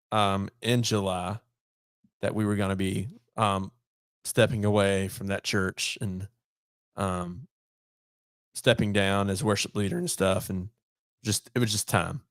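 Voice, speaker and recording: A man's voice: lowish voice, steady tone, slow pace, long pauses, a bit bright, no echo, studio quality. Man telling a long story. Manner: long anecdote with quoted dialogue and many restarts. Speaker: podcast guest. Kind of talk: casual storytelling.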